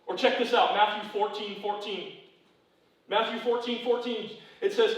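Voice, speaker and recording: A man preaching a conversational sermon in a church, who repeats his phrases, keeps asking "right?" and drops low and quiet on serious points. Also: steady tone, normal speed, very echoey, far from the mic, low-quality recording. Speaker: pastor. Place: church sanctuary.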